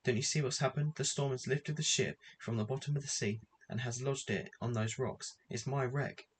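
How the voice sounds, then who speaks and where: A man reading a storybook aloud, voicing a headstrong, excited girl with high, eager exclamations. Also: moderate pace, a little hiss or hum, lightly acted. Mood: thrilled.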